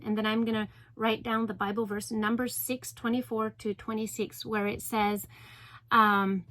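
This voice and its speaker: A young woman vlogs from inside an RV, her voice sitting a little high. She talks to the camera in a soft, earnest way, stopping often with ums and restarting her sentences. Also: steady tone, moderate pace, no room sound, low-quality recording. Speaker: vlogger. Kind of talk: casual talk to camera.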